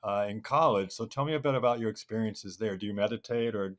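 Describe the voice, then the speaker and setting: A man's voice: lowish voice, fast talker. A man hosting an interview, giving short affirmations and asking long, rambling questions. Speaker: podcast host.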